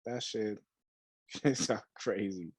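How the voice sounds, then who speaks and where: Slow-paced and lowish, with a darkish tone and a breathy edge, a young man co-hosts a podcast. In casual conversation he tells a story, acts out quotes, swears freely, and uses much slang.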